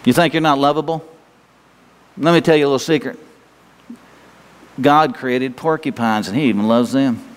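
A man's voice: medium pitch, moderate pace, pauses often, a little hiss or hum. A man preaching a sermon as pastor, folksy and exhorting, urging the congregation to speak along. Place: church sanctuary. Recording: long reverb of a church hall.

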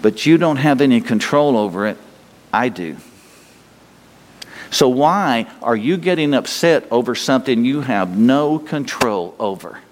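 Guy preaching a sermon, chatty and direct, mid-pitched voice, big hall echo. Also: animated. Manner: conversational preaching, voices God's replies in a slow gentle tone. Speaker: pastor. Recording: long reverb of a large hall.

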